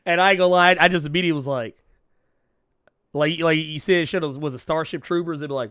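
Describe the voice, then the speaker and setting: A man's voice: fairly high pitch, fast talker, clear, resonant tone. A man co-hosting a casual live comic-book podcast, joking in AAVE and laughing often while reading viewer messages. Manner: laughs often, animated, slangy. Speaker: podcast co-host reading super chats. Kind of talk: casual comedic banter.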